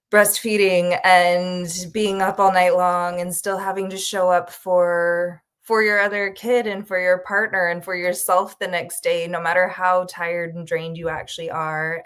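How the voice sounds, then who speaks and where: A woman's voice: lowish voice, fairly bright tone. Earnest woman on a candid panel. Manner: earnest, restarts and repeats words. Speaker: panel guest.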